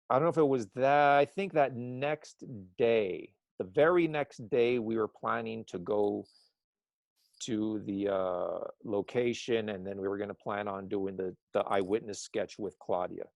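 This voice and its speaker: A man's voice: on the low side, a little slow, creaky, a little mellow, no room sound. A man telling a story as an interview guest, rambling, with many restarts and self-corrections.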